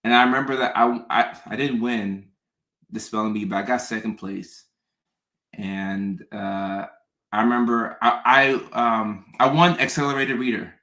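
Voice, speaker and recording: A man's voice: mid-range voice, steady tone, a little slow, sharp tone. Rambling man in a roomy echo. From Southern US. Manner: rambling, with frequent restarts and fillers. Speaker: content creator. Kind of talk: casual storytelling monologue.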